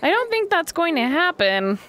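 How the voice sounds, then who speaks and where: Bright, high, giggly woman. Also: very animated, moderate pace. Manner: giggly, apologetic. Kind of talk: casual game play-along, reading the story aloud.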